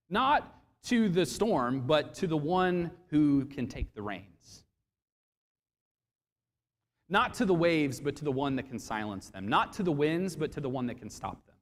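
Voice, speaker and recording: A man preaching a sermon to a congregation, expressive and questioning, acting out quoted voices as he goes. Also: a little high, a little slow, big-room sound. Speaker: pastor. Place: church sanctuary.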